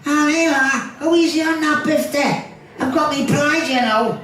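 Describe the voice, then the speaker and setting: A woman's voice: high-pitched, normal speed, distant mic, very noisy, natural voice. A woman playing a whiny Scouse lad. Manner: whiny, slangy protests. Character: whingeing young Scouse lad, proud and fussy. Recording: echoey hall, voice from off-mic.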